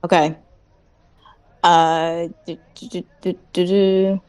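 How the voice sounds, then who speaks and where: A woman's voice: lowish voice, level tone, slow pace, warm tone, smooth, no echo. Playful woman playing a tabletop game. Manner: playful, laughs often, breezy. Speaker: player.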